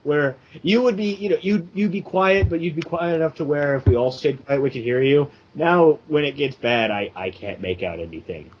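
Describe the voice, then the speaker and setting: On a laid-back podcast, a young male co-host chats in a rambling way, constantly cutting himself off and starting over. His voice is a little high, at a normal speed with few pauses. The audio is dull and lo-fi, carrying a little hiss or hum.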